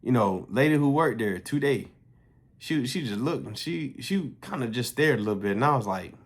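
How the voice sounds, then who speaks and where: A fitness coach talks casually and bluntly to his vlog viewers, swearing freely as he tells a story in a conversational manner. His mid-range voice is expressive, at a moderate pace.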